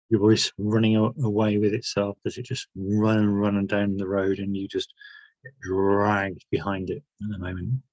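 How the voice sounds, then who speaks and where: Slow, gravelly man guiding reflection. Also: lowish voice, a little mellow, no room sound, dull audio. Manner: reflective, asks many questions, pauses and restarts. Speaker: workshop leader. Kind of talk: guided self-help talk.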